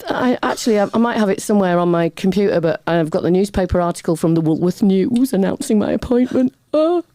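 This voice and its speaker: Middle-aged lady guest, warm mellow voice, rambling funny stories, pokes fun at herself, dry close sound. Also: medium pitch, fast talker, dry recording. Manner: chatty, animated anecdotes with laughter; self-deprecating humor. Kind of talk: casual interview storytelling.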